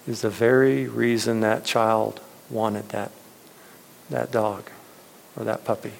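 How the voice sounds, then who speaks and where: A man's voice: mid-range voice, gravelly. A man preaching a sermon, earnest and reflective, telling stories to make his point. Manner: earnest storytelling preacher, soft reflective closes. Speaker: pastor.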